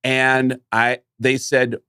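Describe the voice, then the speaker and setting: A man's voice: medium pitch, monotone, drawn-out words, bright, forceful tone, smooth, no room sound, studio quality. A man, a comedian guest, telling a long story in casual podcast talk and acting out the quoted dialogue.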